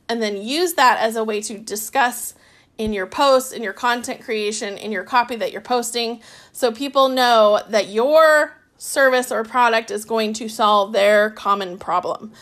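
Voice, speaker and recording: Young female podcast host, slightly high voice, chatty and upbeat, filler-heavy casual advice delivery. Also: a bit bright.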